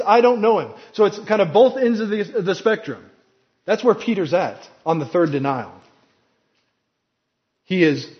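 A man delivers an earnest sermon, pressing hard on key phrases and acting out quoted lines with drama. His voice sits a little high. The recording is dull and lo-fi. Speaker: pastor.

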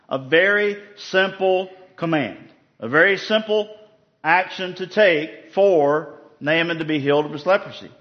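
Male preacher, slightly high voice, casual teaching tone, muffled low-fi church recording. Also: a little slow. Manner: conversational, asks the group questions. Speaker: preacher leading a Bible study. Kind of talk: casual evening Bible teaching.

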